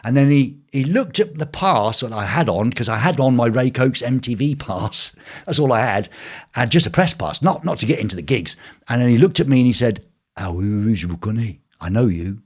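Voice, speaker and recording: An older man hosting a live stream from his home, telling an anecdote in a lively, animated way and acting out the voices of the people in it. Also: mid-range voice, brisk. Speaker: host.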